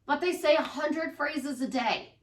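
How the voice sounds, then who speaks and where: Her voice is high and unhurried as this life coach talks to camera for her followers in a casual monologue. She drives points home by repeating herself and voicing the thoughts people hear in their heads. There's a roomy echo, and she sounds far from the mic.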